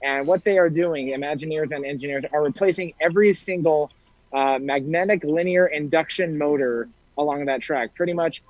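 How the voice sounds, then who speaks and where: A man's voice: fairly high pitch, moderate pace, no echo. A man co-hosting a casual podcast chat from out in a theme park, talking through earbuds, playful with jokey asides. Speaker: podcast co-host. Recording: dull lo-fi sound.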